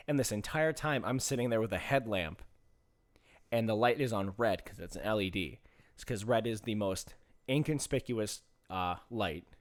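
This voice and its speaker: A young man casually telling a rambling, profane story on a podcast, laughing as he goes. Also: on the low side. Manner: rambling, profane, laughs through his stories. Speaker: podcast co-host.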